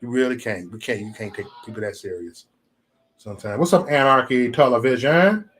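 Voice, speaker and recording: A man hosting a casual livestream chat, talking in a profane, animated way and slipping into mocking impressions. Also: mid-range voice, brisk. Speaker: channel host.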